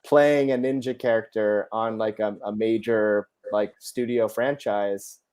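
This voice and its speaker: A man's voice: lowish voice, steady tone, unhurried, darkish tone, clean tone. A man moderating a panel, asking questions hesitantly with many fillers. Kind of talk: panel discussion.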